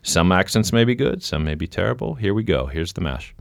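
A man's voice: low-pitched, expressive, a little fast, gravelly, noisy background. A man hosting a podcast quiz game, teasing his guest in a playful, casual way. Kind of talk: casual chat.

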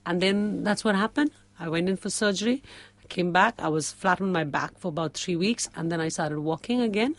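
A middle-aged woman with an Indian accent, a podcast guest telling a personal story in a lively, conversational way and acting out the voices of the people in it. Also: lowish voice, a little fast, dry recording. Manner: animated, acts out quoted dialogue with shifting voices.

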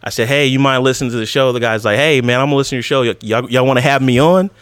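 A man hosting a podcast, chatting in an animated way and telling stories. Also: medium pitch, rapid-fire, smooth, dry recording. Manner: animated, laughing, storytelling. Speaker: podcast host. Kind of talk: casual podcast chat.

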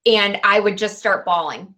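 A woman in her forties telling her own story as a podcast guest, chatty and animated, dotting her talk with "like" and "you know". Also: mid-range voice, moderate pace. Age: 40s. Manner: chatty, animated, peppered with "like" and "right". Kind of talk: candid personal storytelling.

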